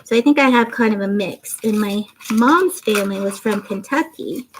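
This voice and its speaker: A woman's voice: medium pitch, normal speed, slight background noise. A woman in her fifties with faint Canadian and Southern traces, a tired, goofy livestream host chatting, giggling and reading viewer comments. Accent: mixed Canadian and Southern traces. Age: 50s.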